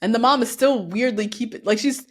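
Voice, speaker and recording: A woman's voice: on the high side, a little fast. A woman co-hosting a podcast, recapping a TV show in casual, slangy chat and laughing often. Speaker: podcast co-host.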